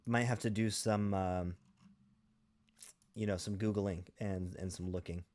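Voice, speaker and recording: A man with a fairly low voice, chatting casually as a podcast co-host. He talks in a relaxed, unhurried way and fills his pauses with ums and you-knows. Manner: relaxed, filler-heavy, deliberate. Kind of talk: casual chat.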